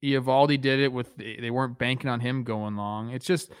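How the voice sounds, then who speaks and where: A man co-hosting a podcast in casual sports chat, relaxed and joking, often breaking into laughter. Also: medium pitch, brisk, smooth, no room sound, studio quality. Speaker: podcast co-host.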